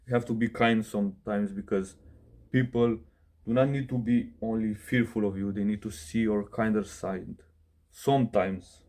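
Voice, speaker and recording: A man's voice: lowish voice, mellow. Blunt young man ranting about self-improvement. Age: young adult. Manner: blunt, swears, keeps saying bro; non-native phrasing, self-corrects mid-sentence. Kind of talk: casual direct-to-camera advice rant.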